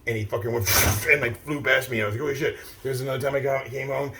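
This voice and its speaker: Against background noise, the vlogger talks fast in a medium, steady voice. A middle-aged man standing still outdoors, he rambles casually to viewers, cursing often and restarting amid many "like"s and "uh"s.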